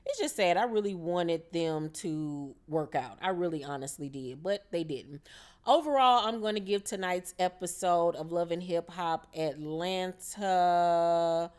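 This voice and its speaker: A woman with a slightly low voice talks through a reality show episode in loose, slangy chat. She acts out the cast's lines as she goes, casual and opinionated. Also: unhurried, clean tone. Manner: chatty, slangy, quotes the cast in lively voices. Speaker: reality TV recap vlogger.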